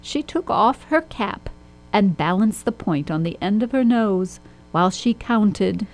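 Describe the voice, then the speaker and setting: Woman narrator for a children's storybook, steady and expressive. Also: mid-range voice, measured pace, rough recording.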